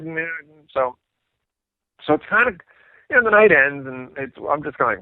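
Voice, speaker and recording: A middle-aged man, a bassist guest, telling stories in an animated way and acting out what people said. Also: moderate pace, pauses often, dry recording. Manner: animated storyteller acting out quoted dialogue. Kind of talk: casual storytelling interview. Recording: tinny phone-like line, dry.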